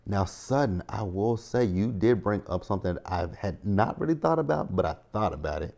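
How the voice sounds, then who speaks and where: A man's voice: lowish voice, animated, moderate pace, creaky, a little mellow. A man in his thirties giving a chatty, opinionated recap of a reality show, talking straight to his viewers. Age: 30s. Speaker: TV recap host.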